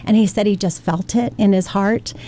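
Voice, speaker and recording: Speaking at a moderate pace in a warm, mid-range voice with fairly even intonation, a middle-aged Ohio woman tells a radio interviewer about something she went through. She is a flight attendant from the United States, and she relates the story earnestly and emotionally, performing the quoted lines.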